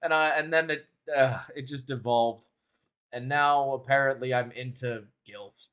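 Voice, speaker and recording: A man's voice: mid-range voice, expressive, slow, a bit bright, clean tone. A man streaming a game, chatting casually with viewers, laughing often, swearing freely and playfully defending himself. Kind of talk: casual livestream chat with viewers.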